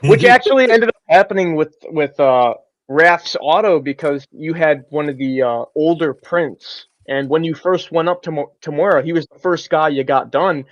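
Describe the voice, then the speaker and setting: A man in a casual chat, retelling convention events in a quick, stumbling way. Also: fairly high pitch, muffled recording.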